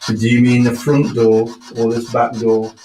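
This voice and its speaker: Man, ghost hunter, half-hushed questioning, roomy echo of a large old building. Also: mid-range voice, completely flat delivery, unhurried, slight background noise. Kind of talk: live paranormal investigation.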